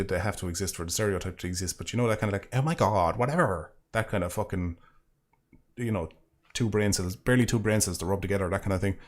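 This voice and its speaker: A man with a rambling, sweary, sarcastic manner, casually chatting while reading super chats on a live stream. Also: fairly low pitch.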